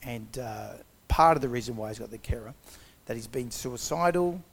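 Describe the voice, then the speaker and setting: A man's voice: medium pitch, animated, moderate pace, creaky, husky. A man giving a personal testimony, retelling events conversationally and acting out the quotes.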